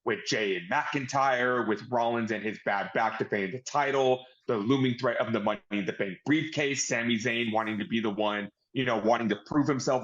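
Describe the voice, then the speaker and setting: A man co-hosting a podcast, giving relaxed, rambling and opinionated takes in casual chat. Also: medium pitch. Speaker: podcast co-host. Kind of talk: casual wrestling review chat. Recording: dull lo-fi audio.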